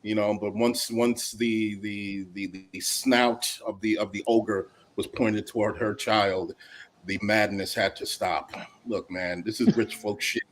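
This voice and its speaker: Animated, profane man with a low voice. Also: a little slow, low-quality recording. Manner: animated and profane, with repeated restarts. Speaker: panelist. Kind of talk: casual commentary chat.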